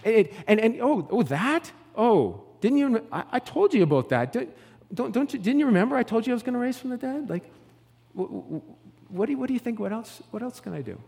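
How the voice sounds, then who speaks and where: A man voicing a calm, casual Jesus who greets everyone offhandedly and chats easily. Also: extremely high pitch, brisk, creaky, big-room sound, pitched above the performer's own voice, heavily acted. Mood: nonchalant. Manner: offhand, breezy, chatty.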